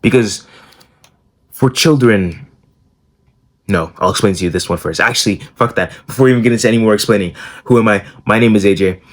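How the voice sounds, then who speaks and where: A man's voice: fairly low pitch, racing. A young man telling a personal story in a blunt, casual vlog, swearing freely. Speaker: self-improvement YouTuber.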